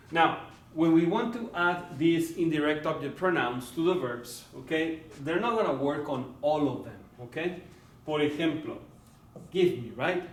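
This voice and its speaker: Slow-talking male teacher in an echoey room. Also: on the high side. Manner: slow and deliberate, repeating words, checking in with "right?" and "okay?". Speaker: Spanish teacher. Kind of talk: classroom lecture. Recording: echoey room, voice from far off, faint background noise.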